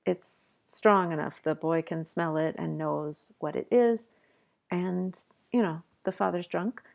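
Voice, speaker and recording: Slow, gravelly-voiced woman professor. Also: on the low side, warm tone. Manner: slow, measured, explanatory. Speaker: college professor. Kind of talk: poetry lecture.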